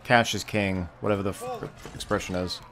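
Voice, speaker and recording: A man giving casual let's-play commentary on a strategy game, excitable and swearing often, with frequent sudden exclamations. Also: on the low side, moderate pace. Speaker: gameplay commentator.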